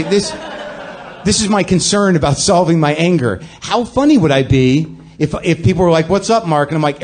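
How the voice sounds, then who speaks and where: A man with a slightly raised voice rants through a comic monologue. He is sardonic and self-deprecating, and he performs to a live audience. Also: on the high side. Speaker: podcast host.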